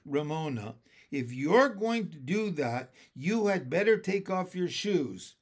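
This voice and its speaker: Man playing a calm, weary mom, gentle, slightly raised pitch. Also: slow pace, full character voice. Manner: gentle, soothing, motherly. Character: patient mother, tired but calm.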